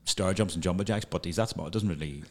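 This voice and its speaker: A man's voice: low voice, fast, a little mellow. A man, bantering crudely as a podcast co-host, swearing and teasing dryly. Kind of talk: casual banter.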